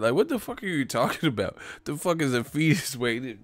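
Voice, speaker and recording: A man's voice: medium pitch, big pitch swings, a little fast, dry recording, soft background music. A man hosting a boxing channel, riffing in a loose, profane comedic rant and laughing often. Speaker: boxing commentator.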